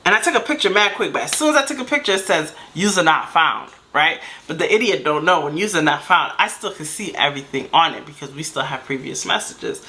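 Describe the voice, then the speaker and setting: A woman telling a personal story to camera in a casual, animated way, acting out what others said. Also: on the low side. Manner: animated, acts out quotes in voices. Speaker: storytime vlogger.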